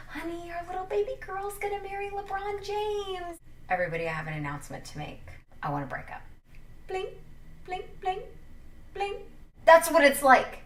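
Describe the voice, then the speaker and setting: Young woman sports vlogger, sassy and jokey, swinging pitch, echoey room with a distant mic. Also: fairly bright tone. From Wyoming. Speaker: sports commentator. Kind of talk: casual opinion vlog.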